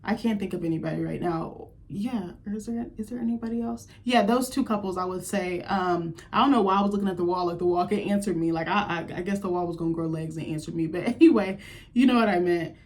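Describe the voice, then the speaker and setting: Chatty lower-voiced woman vlogger. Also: fast, darkish tone. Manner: candid, chatty, with many fillers. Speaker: TV recap vlogger. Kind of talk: casual opinionated recap.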